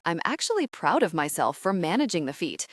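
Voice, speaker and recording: A woman giving wry, expressive first-person narration of a romance audiobook. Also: on the low side, fairly quick, no echo, clean studio sound.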